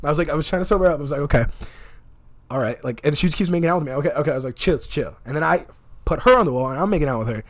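A man's voice: a little high, very fast. A young man telling a wild night-out story in casual chat. He swears constantly and acts out what everyone said. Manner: profane, animated, acts out quotes.

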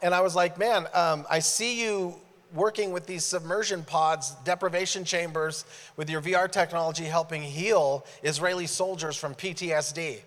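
A man preaches to a church congregation, voice slightly higher than most men's. He tells his stories with animation and acts out every dialogue. His voice carries a long reverb tail from a large hall. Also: fairly even intonation, moderate pace, fairly bright tone. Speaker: guest preacher. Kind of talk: sermon storytelling. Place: church sanctuary.

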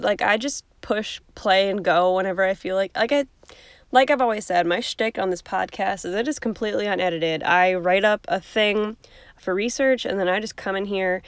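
A woman's voice: medium pitch, clean tone, dry recording. A woman hosting an unedited podcast, rambling in a bubbly, chatty way with goofy asides. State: hiccups. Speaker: podcast host.

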